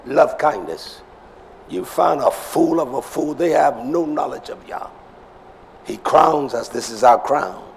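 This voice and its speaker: A male preacher delivering an emphatic sermon, swinging between shouts and low murmurs and repeating phrases for emphasis. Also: expressive, unhurried, creaky, slight background noise.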